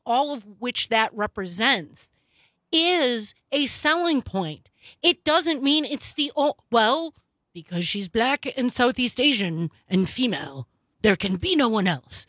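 A woman hosting political talk radio, speaking in a brisk, emphatic, opinionated way into a studio microphone. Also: on the high side, very animated, fairly bright tone, dry recording. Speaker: radio talk show host.

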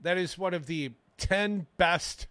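A man's voice: sits high, takes it slowly, no room sound. A man hosting a radio talk show, joking around in casual banter. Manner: lively, jokey, mock-whiny impressions.

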